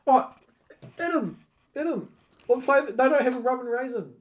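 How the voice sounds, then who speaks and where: A man's voice: animated, normal speed. A man voicing a fussy, flustered male film commission head with a New Zealand accent, talking in a raised voice. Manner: chatty, flustered, high-pitched.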